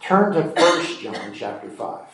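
A man with a slightly higher voice preaches in a sermon. He reads scripture passages aloud and then breaks off to explain them in plain conversational asides. The recording has a noticeable room echo. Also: big pitch swings, a little slow, a bit bright, slight background noise. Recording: echoey room.

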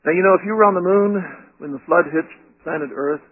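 A man with a slightly high, husky voice preaches a sermon. He keeps asking his listeners rhetorical questions in an animated way. The sound is thin and tinny, like an old radio broadcast, with a dry close mic. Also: fast talker, dry recording.

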